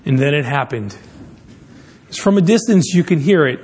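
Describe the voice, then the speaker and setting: A pastor preaching, opening with a lively illustrative story before turning to his sermon topic. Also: a little high, moderate pace, husky. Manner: animated storyteller, speeds up in tense moments.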